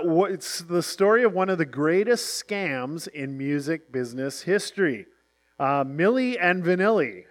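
Man, 40s, higher-pitched, animated storyteller who acts out the quotes. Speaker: presenter. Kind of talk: storytelling talk.

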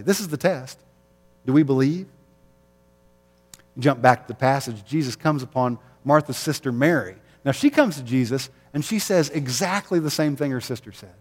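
A man's voice: fairly high pitch, long reverb tail. A man preaching an Easter sermon as pastor, conversational, with rhetorical questions and light jokes.

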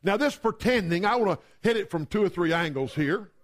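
High-voiced storytelling preacher man. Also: lively intonation, fairly quick. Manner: conversational, storytelling with humor. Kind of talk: sermon.

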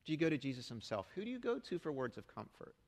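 A man's voice: on the high side, big pitch swings, quick pace, a little mellow. Middle-aged male pastor preaching in a hall. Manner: conversational preaching with rhetorical questions. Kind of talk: sermon. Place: church sanctuary.

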